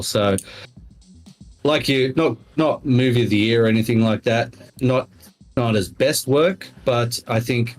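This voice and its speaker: A man giving his film review as a podcast guest, rambling and hedging with lots of fillers. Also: on the low side. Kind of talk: casual chat.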